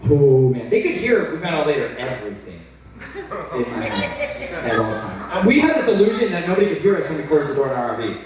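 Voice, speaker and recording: Intense male preacher, lively swooping delivery, heard far off in a very echoey hall. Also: medium pitch, fairly quick, crowd noise. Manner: intense, excitable, bursts into shouts. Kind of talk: storytelling sermon.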